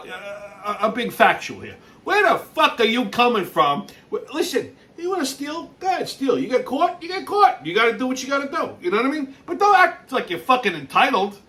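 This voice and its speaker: A man's voice: very high voice, pushed and bright, far from the mic. A man hosting a show, ranting with lots of profanity and exasperation about a video clip, laughing in between. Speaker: host.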